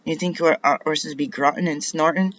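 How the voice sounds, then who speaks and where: A woman's voice: low voice, fairly even intonation, fast, a bit bright, dull audio. A middle-aged woman from the United States in a rambling personal monologue, indignant and full of rhetorical questions. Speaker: vlogger.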